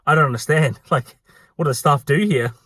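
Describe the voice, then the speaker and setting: A man's voice: a little high, moderate pace, a bit bright, slightly rough, dry recording, studio quality. A man voicing a rude, entitled regular woman customer who talks down to shop staff. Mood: indignant. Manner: condescending, indignant.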